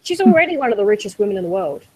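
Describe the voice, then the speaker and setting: A woman's voice: mid-range voice, big pitch swings, racing, a little mellow, dry recording, low-quality recording. A woman on a podcast in casual chat, ranting in an exasperated, sweary way. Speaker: podcast co-host.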